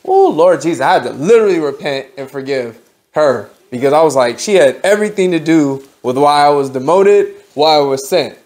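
Speaking fairly quickly, a man with a voice slightly high for a male delivers a testimony sermon at a home fellowship gathering. This lay preacher tells it with lively, slangy flair, performing each person's lines as the story unfolds.

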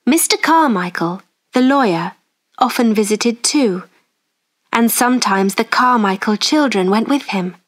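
A woman reading a simple story aloud for language learners. Her delivery is clear and deliberate and very slow. Her voice sits a little high. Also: animated. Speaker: story narrator. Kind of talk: slow graded-reader narration.

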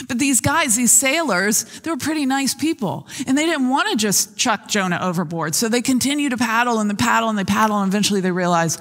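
A woman pastor giving a sermon, retelling scripture in a lively storytelling manner. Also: medium pitch, normal speed, big-room sound. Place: church sanctuary.

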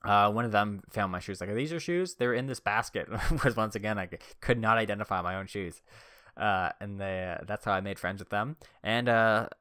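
A man's voice: lowish voice, steady tone, fairly quick, pushed and bright, no echo, clean studio sound. A young man hosting a podcast, telling rambling stories casually and filling his talk with "like". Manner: rambling, heavy use of "like" fillers. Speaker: podcast host. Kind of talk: casual storytelling.

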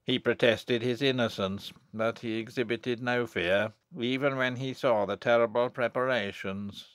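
A man reading a gothic novel aloud in a measured, grave manner. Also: medium pitch, steady tone, a bit bright, dry recording, studio quality. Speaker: audiobook narrator. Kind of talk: scripted narration.

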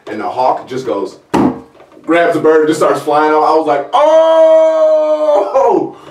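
A man's voice: a little high, moderate pace. A man hosting a comedy talk show, telling stories casually and acting out the voices of the people in them. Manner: animated, acts out the voices in his stories, laughs. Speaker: comedian host. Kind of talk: casual storytelling chat. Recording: roomy sound from a distant mic.

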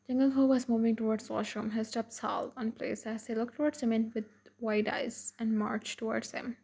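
A woman narrates a fan fiction story in a plain, even read-aloud. Her slightly high voice is gravelly and husky, with a dark tone and little rise and fall. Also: normal speed, few pauses.

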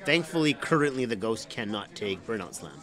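A man commentating a tabletop game live at a convention with dry, deadpan sarcasm. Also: medium pitch, a little fast. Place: convention hall. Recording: crowd noise behind. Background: crowd chatter.

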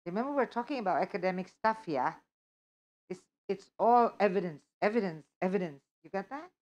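A woman's voice: medium pitch, expressive, a little fast, a little mellow, dull audio. A woman instructor, answering audience questions in a live workshop and checking often that she is understood. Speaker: test preparation instructor.

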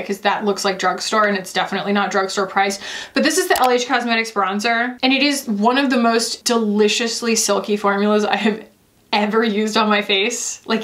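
A woman's voice: mid-range voice, a bit bright. A woman, a beauty vlogger chatting emphatically through a casual product review. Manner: chatty and emphatic, lots of "like" and "y'all".

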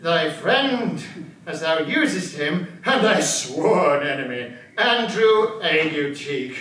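An actor playing a rowdy, boozy, scheming older knight in a live stage play, with boisterous laughing delivery. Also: male voice, fairly high pitch, lively intonation, slow, a bit bright. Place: large old timber barn. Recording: echoey barn, voice from far off.

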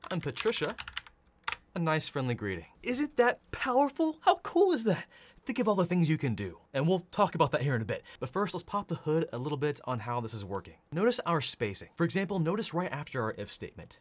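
Animated, excitable man teaching code. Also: medium pitch. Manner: enthusiastic, playful, laughs often, acts out yelled lines. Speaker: programming instructor. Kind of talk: energetic tutorial narration.

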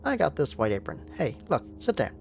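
A man's voice: fairly high pitch, huge pitch swings, a little fast, creaky, soft background music, pitched above the performer's own voice, full character voice. Man putting on a spaced-out rambling camp cook. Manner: drawling, evasive, keeps urging to sit and smoke.

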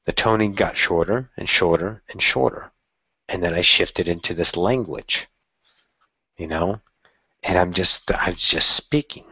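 Low husky man telling his story. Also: measured pace, dry recording, highs cut off. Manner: candid and excitable, swears casually. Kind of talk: casual personal storytelling.

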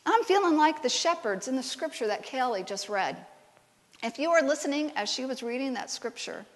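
Woman preacher, high-pitched and highly animated, banters with her congregation; recorded with long church hall reverb. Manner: lively storytelling, banters with the congregation. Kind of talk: conversational sermon. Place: church sanctuary.

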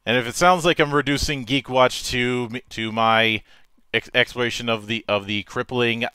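A man's voice: mid-range voice, fairly even intonation, moderate pace, pushed and bright, clean tone, no echo. A man hosting a casual gaming podcast, theatrical and profane, rambling through his thoughts with frequent restarts. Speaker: podcast host. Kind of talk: casual chat.

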